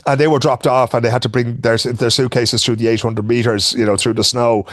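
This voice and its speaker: A man's voice: mid-range voice, a little fast, no echo, clean studio sound. A man with a Dublin Irish accent, a sports journalist telling long rambling stories in casual podcast chat. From Ireland. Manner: rambling animated storyteller.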